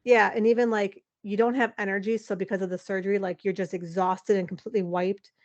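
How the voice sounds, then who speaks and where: A woman in her forties, a podcast guest, telling a personal story in an animated, emotional way, with lots of "like" and some laughter. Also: mid-range voice, fast talker, muffled recording. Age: 40s. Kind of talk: candid interview storytelling.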